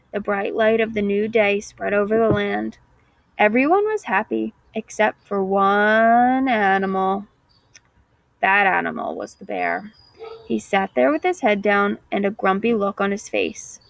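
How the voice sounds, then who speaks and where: A woman reading a folk tale aloud for children in a gentle, expressive storytelling voice. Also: mid-range voice, slow pace, gravelly, no room sound, rough recording.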